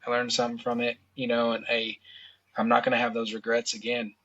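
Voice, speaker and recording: A man in his thirties talks openly on a podcast, loose and conversational, with lots of "you know" and "dude". His voice is bright and forceful. The recording is slightly dull and lo-fi. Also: medium pitch, completely flat delivery, brisk. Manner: candid, casual, says "you know" and "dude" a lot. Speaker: podcast guest. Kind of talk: emotional personal storytelling.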